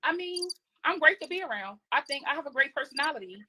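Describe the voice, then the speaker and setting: High voice, bright, woman in her twenties, hesitant dating-show guest. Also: expressive, quick pace, a little hiss or hum. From Philadelphia. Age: 20s. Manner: hesitant, full of ums, then playful. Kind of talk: casual interview answers.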